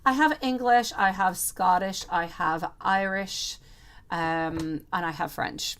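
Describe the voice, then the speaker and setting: A woman's voice: on the low side, slow, fairly bright tone, a little hiss or hum. A woman reading tarot on a live stream for viewers, talking in a chatty, rambling way and calling them sweetie and my lovely.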